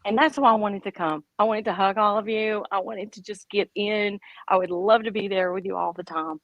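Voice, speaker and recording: A woman's voice: mid-range voice, fairly even intonation, brisk, dry recording, lo-fi sound. A woman with a Southern US accent, chatting effusively and gratefully as a guest on a video call. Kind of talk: casual chat.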